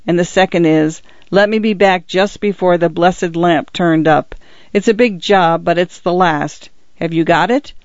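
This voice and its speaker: A man's voice: sits high, smooth, no echo, lo-fi sound. A man voicing a flustered, middle-aged ordinary clerk out of his depth, speaking in plain colloquial grammar in an audiobook. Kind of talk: audiobook character voice.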